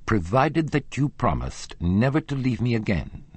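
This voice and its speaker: A man's voice: medium pitch, very animated, measured pace, a little mellow, breathy edge, dry recording, voice pushed up. A man voicing an anxious, simple old widow in an audiobook. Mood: fond.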